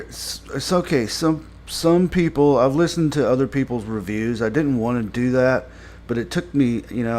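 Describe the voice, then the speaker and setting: A man's voice: mid-range voice, darkish tone. A man giving a casual spoken review of a TV episode. He rambles with many fillers and grows exasperated when he complains.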